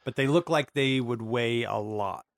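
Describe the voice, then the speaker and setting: A man's voice: mid-range voice, unhurried, gravelly, dry recording, studio quality. A man running a tabletop game as game master, narrating scenes and laughing often.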